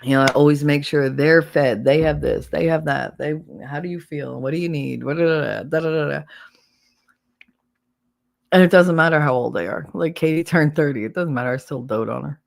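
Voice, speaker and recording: Low-voiced blunt middle-aged woman. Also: moderate pace, vocal fry. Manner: blunt, rambling storyteller. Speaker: livestream host. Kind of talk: casual chat.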